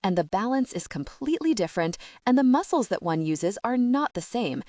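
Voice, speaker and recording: A woman's voice: medium pitch, very animated, fairly quick, darkish tone, no room sound, clean studio sound, close to an everyday voice. A woman voicing an earnest, worried younger sister who explains things at length.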